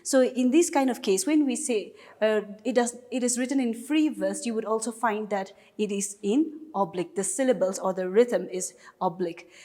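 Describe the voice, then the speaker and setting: A woman with a Nagaland accent teaches an English lesson at a steady classroom pace and normal speed. Her voice is slightly high, and she patiently explains each point with repeated examples. A long reverb lingers after her words.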